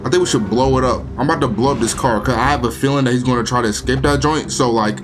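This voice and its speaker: A young man giving casual, joking commentary while playing a video game, prone to loud exclamations. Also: mid-range voice, fast talker, background noise. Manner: excitable, joking, shouts and exclamations. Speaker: gaming video host.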